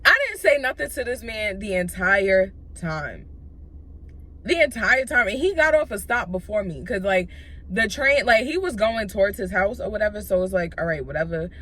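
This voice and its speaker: A young adult woman vlogger telling a casual, profane story, animated and full of fillers. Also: medium pitch, moderate pace.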